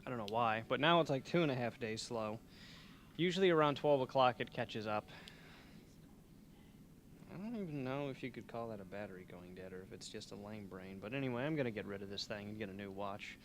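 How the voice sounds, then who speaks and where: A man's voice: fairly low pitch, a little fast, a little hiss or hum. A young man hosting a college radio show, chatting and joking in a loose, rambling, self-mocking way from a small studio. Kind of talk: rambling comedic radio chat.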